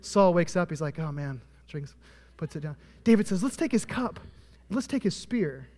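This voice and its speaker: A man's voice: on the high side, animated, moderate pace, a little mellow. A male pastor preaching a sermon and retelling a Bible story, acting out the characters' lines. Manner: storytelling, acting out voices of biblical figures. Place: church auditorium. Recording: long church hall reverb.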